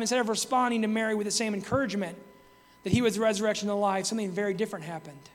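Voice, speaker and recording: A man with a notably high-pitched voice teaches from the Bible in a calm, reflective tone. He reads scripture aloud between his explanations. The sound carries a long hall reverb. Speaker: preacher.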